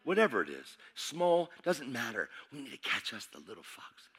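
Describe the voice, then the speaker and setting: A middle-aged man preaching a sermon, excitable and building in intensity as he goes. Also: mid-range voice, normal speed, husky.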